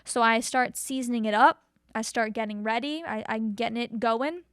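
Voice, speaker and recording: High-voiced young woman telling a story. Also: normal speed, smooth, dry recording, studio quality. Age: 20s. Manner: animated, acts out quotes with big pitch jumps. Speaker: podcast co-host. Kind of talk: casual storytelling chat.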